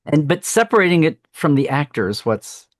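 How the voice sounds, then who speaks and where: Animated, fairly high-voiced man telling stories. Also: normal speed, no echo, clean studio sound. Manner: animated storyteller who breaks off and restarts sentences. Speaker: podcast guest, franchise historian. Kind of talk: casual podcast conversation.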